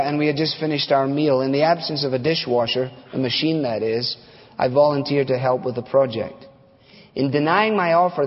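A man preaching a sermon in a conversational, folksy way, telling stories with fillers and asides. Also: a little high. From United States. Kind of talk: sermon with storytelling. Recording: dull recording with long hall reverb.

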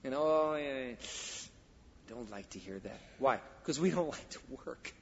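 A male pastor preaching a sermon, emphatic, swinging from quiet asides to loud declarations. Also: medium pitch, expressive, normal speed, slight background noise. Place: church sanctuary. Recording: dull sound with long hall reverb.

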